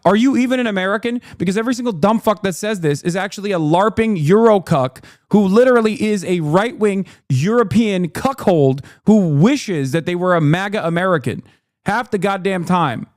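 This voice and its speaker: A man's voice: sits high, expressive, normal speed, darkish tone, no room sound, studio quality. A male streamer giving heated, profane political commentary, mocking and ranting. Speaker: streamer host.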